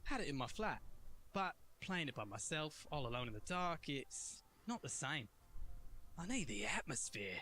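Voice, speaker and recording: Courteous older British gentleman, formal and lively in pitch, a man doing the voice, game read-along. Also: normal speed, faint music behind. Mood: polite, wistful. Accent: put-on British. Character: genteel older British male arcade regular.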